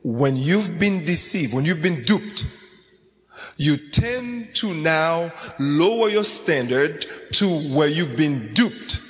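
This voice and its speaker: A man's voice: on the high side, lively intonation, slow pace, fairly bright tone, long reverb tail, soft background music. A man preaching a sermon in a sing-song, chanting style, repeating phrases as he goes.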